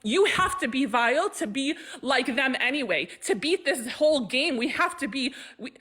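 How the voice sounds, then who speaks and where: A woman's voice: sits high, expressive, moderate pace, fairly bright tone, breathy edge. A Palestinian woman joining a livestream, speaking with emphatic anger and stumbling repetitions. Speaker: livestream guest. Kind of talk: impassioned casual talk.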